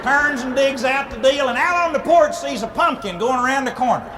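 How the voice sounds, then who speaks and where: A man's voice: very high-pitched, lively intonation, fairly quick, big-room sound, heavy background noise. A man telling a comic fairy tale in a folksy, playful way, adding vocal sound effects. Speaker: speaker at church ladies' night. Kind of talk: comic storytelling.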